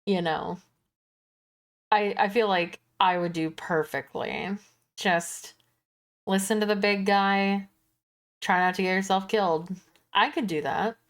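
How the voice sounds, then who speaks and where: Woman streamer, relaxed and slow, joking and cursing while reacting to a video. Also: medium pitch. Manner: joking, swears freely. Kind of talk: casual reaction commentary.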